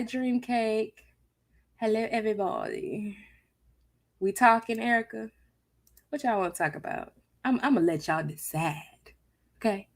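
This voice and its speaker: A woman hosting a live stream, chatting with her viewers in a sassy, casual way with a soft, near-whispered delivery on a close mic. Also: on the high side, dry recording. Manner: chatty, sassy, talks to chat as "child" and "honey". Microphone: new close studio mic.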